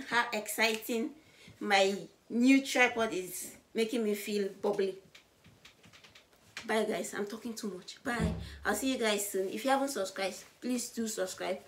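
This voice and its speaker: A woman vlogging to camera, loud and bubbly, with a voice she calls high and loud. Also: steady tone, unhurried. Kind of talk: casual vlog to camera.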